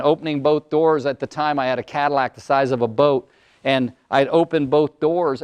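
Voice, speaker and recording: A man in his sixties, a motivational speaker and coach, telling stories and acting out voices in a lively workshop talk to an audience. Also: fairly high pitch, clear, resonant tone. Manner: animated storyteller, acts out client voices.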